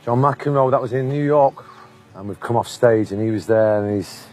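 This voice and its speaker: A man's voice: medium pitch, normal speed, darkish tone, faint music behind. A Mancunian man in his forties, telling blunt, sweary anecdotes in a casual interview and laughing often. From England.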